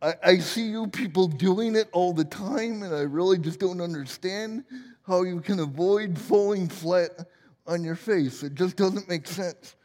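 A man in his 40s preaches from the pulpit of a church, telling stories with humor at his own expense. He speaks unhurriedly in a high, slightly mellow voice, and the recording has the sound of a large room.

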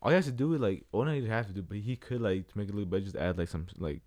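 Fast-talking low-voiced young man, slangy. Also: no echo. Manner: slangy, joking, excitable. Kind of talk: casual chat.

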